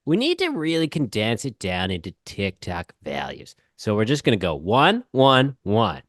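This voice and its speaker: A man co-hosting a podcast, talking in loose, teasing banter. His pitch jumps around a lot, and the recording is dry and close. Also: moderate pace, hardly any pauses, dry recording. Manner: animated, jokey, teasing. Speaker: podcast co-host. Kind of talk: casual banter.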